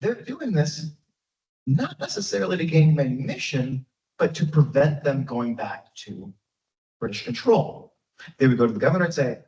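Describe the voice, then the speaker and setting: A man giving a public history lecture as a guest speaker, in a lively, conversational way with frequent fillers. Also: fairly high pitch, moderate pace, a little hiss or hum. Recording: echoey, dull, from far off.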